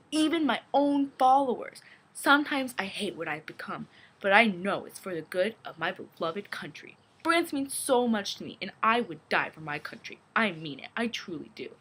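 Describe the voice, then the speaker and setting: A zealous male revolutionary leader, played by a woman reading his diary in a school history role-play, intense and restless. The voice is husky and sits in a middle pitch. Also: fairly bright tone, low-quality recording.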